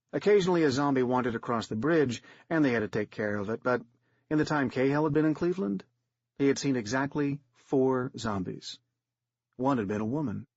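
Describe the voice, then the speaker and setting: A man's voice: medium pitch, no room sound, lo-fi sound. A man reading a third-person audiobook story in a plain, matter-of-fact manner. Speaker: audiobook narrator.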